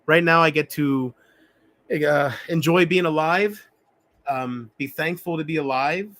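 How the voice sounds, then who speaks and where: A man talking alone on a livestream, rambling and reflective, often halting and restarting his sentences. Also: a little high, fairly bright tone. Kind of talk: rambling solo livestream talk.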